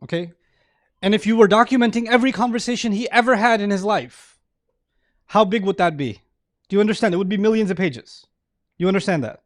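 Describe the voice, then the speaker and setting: A middle-aged man giving an animated religious lecture to a live audience, often asking them questions. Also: sits high, brisk, pauses often, no echo, clean studio sound. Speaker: Islamic lecturer.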